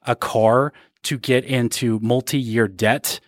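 A man's voice: mid-range voice, fairly even intonation, slow, no echo, clean studio sound. A man co-hosting a podcast, ranting sarcastically in casual chat. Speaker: podcast co-host. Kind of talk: casual pop-culture chat.

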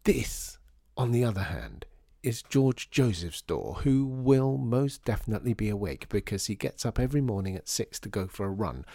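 A man's voice: on the low side, sing-song, moderate pace, vocal fry, warm tone, dry recording, clean studio sound, heavily acted. A man voicing a chatty, gossipy young woman neighbour with a conspiratorial way of talking.

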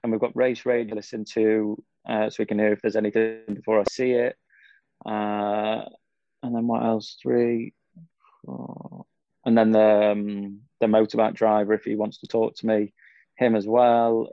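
A man's voice: on the low side, level tone, moderate pace, gravelly, no echo, dull audio. A young man, talking easygoing and rambling as a guest in a casual interview. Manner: easygoing, rambling, frequent fillers. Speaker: cycling pundit guest.

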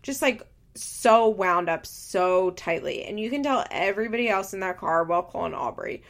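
A woman with a mid-range, slightly bright voice and moderate pace hosts a podcast recapping reality TV. She's chatty and opinionated, talking freely with lots of filler words, especially "like."

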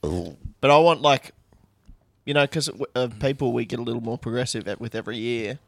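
A man's voice: medium pitch, a little fast, creaky, dry recording. A man with an Australian accent co-hosting a podcast, wry and laid-back, swearing in casual talk. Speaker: podcast co-host. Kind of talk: casual crude banter.

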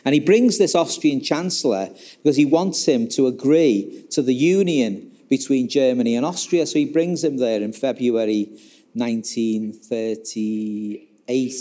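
A man's voice: mid-range voice, measured pace, mellow. A man talking casually about a history book, telling an episode as a story and acting out the quoted dialogue, with many restarts. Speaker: author discussing his book. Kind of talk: casual spoken history talk.

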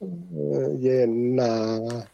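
A man's voice: mid-range voice, very slow, gravelly, mellow. An Australian man, a podcast guest, chatting laconically with dry humour. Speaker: podcast guest, former radio host. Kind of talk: casual podcast chat. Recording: dull lo-fi sound.

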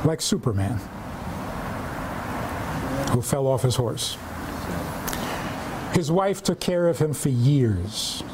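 Man, rabbi, live lecture, unhurried delivery, humorous storytelling, audible background hiss. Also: medium pitch, sing-song. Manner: humorous storytelling with rhetorical questions.

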